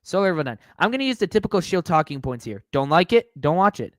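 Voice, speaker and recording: A man's voice: on the high side, sing-song, fast talker, few pauses, dry recording, clean studio sound. A man hosting a live stream, reading viewer comments aloud and answering them with sarcastic, mocking commentary.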